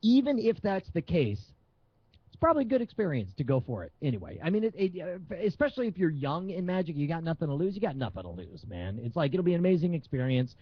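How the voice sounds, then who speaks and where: A man who is a magician guest, telling stories in an animated, emphatic way during a casual chat. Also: fairly high pitch, fast, husky. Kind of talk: casual live-stream chat. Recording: dull lo-fi sound.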